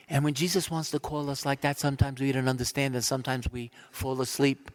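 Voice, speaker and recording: A man's voice: mid-range voice, level tone, a little fast, hardly any pauses, in a large hall. A male priest giving a retreat sermon, telling the story animatedly, acting out voices and sometimes dropping to whispers. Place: large church.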